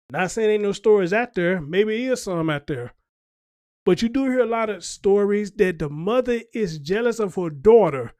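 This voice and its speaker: Male show host, high-pitched, dry close sound, preachy emphatic rant. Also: a little mellow, no echo. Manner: emphatic, preachy, seeking agreement with the audience. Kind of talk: casual ranting commentary.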